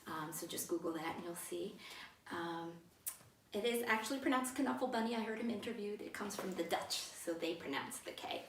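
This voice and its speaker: A woman's voice: fairly low pitch, normal speed, a bit bright. A woman leading a storytime for toddlers as a children's librarian, talking in a playful, sing-song way to small children. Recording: roomy sound from a distance with faint noise.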